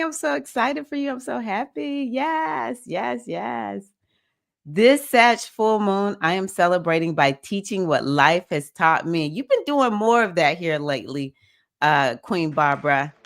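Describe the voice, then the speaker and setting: A woman's voice: medium pitch, lively intonation, unhurried, vocal fry, fairly bright tone, a faint crowd. A woman hosting a casual livestream chat, enthusiastically cheering on viewers and reading their comments aloud. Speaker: livestream host.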